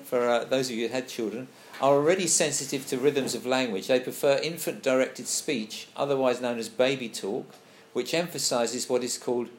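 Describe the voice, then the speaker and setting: A man's voice: medium pitch, normal speed, hardly any pauses. A man leading a casual group discussion, thinking aloud and reading passages out to the group. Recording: echoey room, faint background noise.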